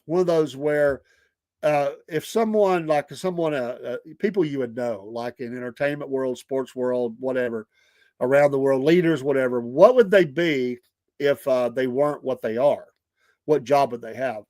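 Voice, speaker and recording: A middle-aged man with a Southern US accent and a mid-range voice hosts a casual talk show, unhurriedly telling stories. He's an animated storyteller who laughs and acts out quoted voices, and there's no echo on the recording.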